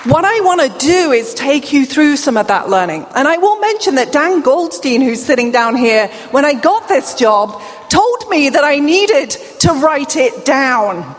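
A woman's voice: high-pitched, very animated, unhurried, few pauses. A middle-aged woman with a British accent and a slight deaf accent, giving a conference keynote speech and bantering playfully with the audience. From England. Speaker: keynote speaker. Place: large event hall. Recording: long hall reverb, faint room ambience.

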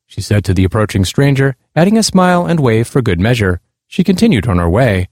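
A man earnestly reading aloud a personal essay about his blind parents' experiences, in a measured tone. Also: fairly low pitch, sing-song, darkish tone, no echo, studio quality. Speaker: speaker on disability awareness.

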